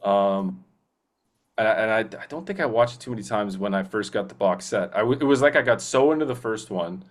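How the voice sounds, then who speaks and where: A man's voice: fairly low pitch, animated. A male voice actor, a guest in a casual interview, chatting eagerly and rambling with many fillers and restarts. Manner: slips into quick movie-character impressions.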